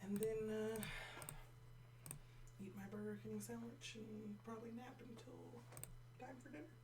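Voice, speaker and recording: A woman chatting casually at home, lively and laughing, talking baby talk to her dogs. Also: a little high, unhurried. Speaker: partner at home. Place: room at home, off mic. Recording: roomy, noisy, from across the room.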